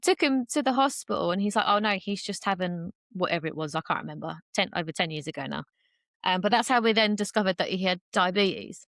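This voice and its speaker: Chatty young woman, low voice. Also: expressive, fast talker, a bit bright, dry recording, clean studio sound. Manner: chatty, many fillers, acts out quoted voices. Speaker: podcast guest. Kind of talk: casual conversation.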